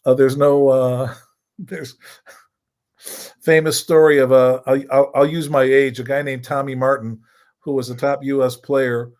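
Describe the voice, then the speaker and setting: A man's voice: medium pitch, little pitch movement, a little slow, darkish tone. An older man, a judo coach and co-host, giving casual coaching talk in a folksy way, repeating points for emphasis.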